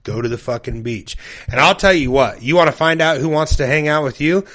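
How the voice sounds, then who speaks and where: A man's voice: fairly high pitch, fairly quick, fairly bright tone. Man, laid-back podcast co-host, profane casual advice. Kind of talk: casual chat.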